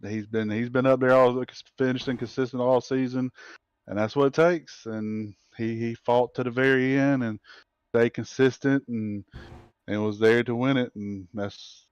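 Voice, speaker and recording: A man who runs the racing league and drives in it, giving a halting post-race interview and often repeating his words. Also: mid-range voice, steady tone, clear, resonant tone, no room sound, lo-fi sound.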